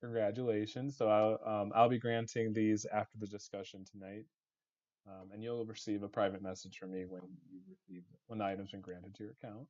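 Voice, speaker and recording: Low, monotone man hosting a raffle. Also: fairly quick, lo-fi sound. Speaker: online game community host. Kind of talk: casual live raffle announcing.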